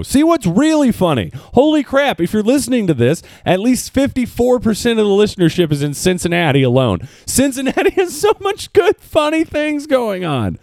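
A man from the hosting a podcast, riffing in a comedic monologue and swooping into high mock voices. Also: a little mellow, dry recording, studio quality. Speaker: podcast host.

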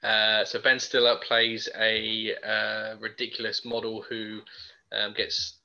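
A man's voice: on the low side, completely flat delivery, slow, pushed and bright. A young man co-hosting a podcast, chatting casually and enthusiastically about films with many fillers. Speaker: podcast co-host. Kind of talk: casual film chat. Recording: dull lo-fi podcast audio.

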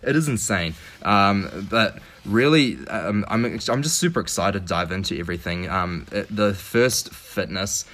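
A man hosting an unedited fitness podcast, rambling with lots of fillers and restarts, speaking quietly with a sniffly nose. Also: sits low. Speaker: podcast host and fitness coach. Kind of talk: casual unedited podcast monologue. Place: indoors, crouched position.

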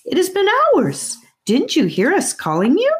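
A woman's voice: extremely high pitch, wildly swooping pitch, a little slow, pitched above the performer's own voice, heavily acted. A woman voicing a worried, kindly middle-aged aunt in an audiobook, speaking up in a raised voice.

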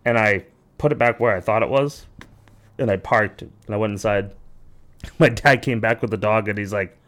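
A young man, casually telling funny stories on a podcast, acting out quotes with sudden high squeaky voices and laughing often. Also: normal speed. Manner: animated storyteller, acts out quotes, laughs often, swears. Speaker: podcast co-host. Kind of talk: casual storytelling chat.

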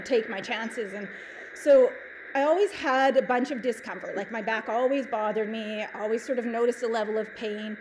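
Chatty chiropractor woman, noisy background. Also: on the high side. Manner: chatty, lots of "like" and "right?". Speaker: chiropractor guest. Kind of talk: casual interview storytelling. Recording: background noise.

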